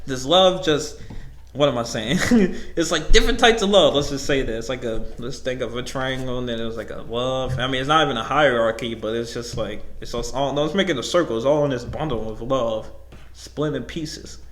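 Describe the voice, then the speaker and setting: A man's voice: mid-range voice, brisk, fairly bright tone, reverberant. A nineteen-year-old man hosting a podcast solo, telling a story in loose, rambling, profane talk that often breaks into laughs. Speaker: podcast host.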